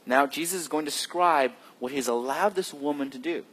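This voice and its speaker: A male pastor preaching a sermon in a conversational way, asking the listeners questions and swinging between loud emphasis and hushed, drawn-out phrases. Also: on the high side, husky. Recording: long hall reverb.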